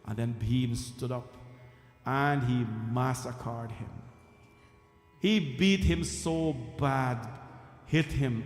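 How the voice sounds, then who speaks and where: A man telling a devotional story in a temple, animated, acting out dialogue and making asides to the audience. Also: mid-range voice, slow pace. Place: temple hall. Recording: reverberant temple hall.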